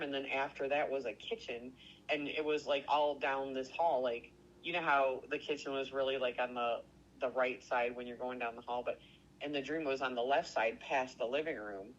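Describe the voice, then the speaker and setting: A man telling a story in casual chat, excitable and rambling, swearing constantly and stuffing every sentence with "like". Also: medium pitch, muffled recording, slight background noise. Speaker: podcast co-host.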